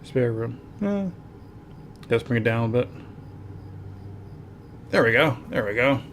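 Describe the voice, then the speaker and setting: A man's voice: mid-range voice, expressive, a little slow, a bit bright, slight background noise. A man chatting casually while streaming a game, reading viewer messages aloud, with frequent laughs and filler words. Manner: chatty, reads chat aloud, laughs often. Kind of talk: casual gameplay commentary.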